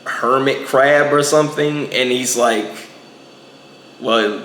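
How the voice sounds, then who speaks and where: A man's voice: mid-range voice, takes it slowly, fairly bright tone, echoey room, slight background noise. A young man giving a casual, rambling movie review, packing in lots of filler words.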